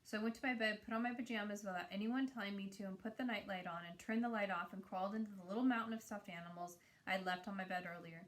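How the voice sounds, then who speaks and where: A woman's voice: medium pitch, steady tone, quick pace, hardly any pauses. A woman reading a novel aloud in a plain, earnest way, now and then stumbling and correcting herself. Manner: plain, earnest reading with small slips and restarts. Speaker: reader.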